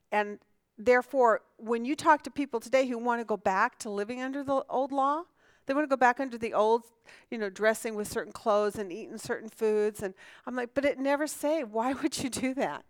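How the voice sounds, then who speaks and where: A woman's voice: fairly high pitch, normal speed, no room sound. A woman teaching a conversational Bible lesson. She asks the class questions, answers them herself and often restarts her sentences.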